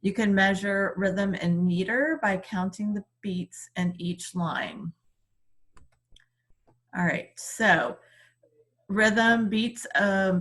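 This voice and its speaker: A woman teacher giving a recorded reading lesson, explaining slowly and patiently with frequent ums. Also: mid-range voice, fairly bright tone.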